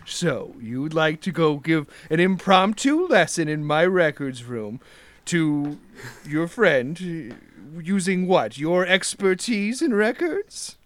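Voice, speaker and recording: A man's voice: on the high side, big pitch swings, slow, no echo. Man voicing a sly older records clerk lady. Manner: sweetly polite, then shrewd and probing.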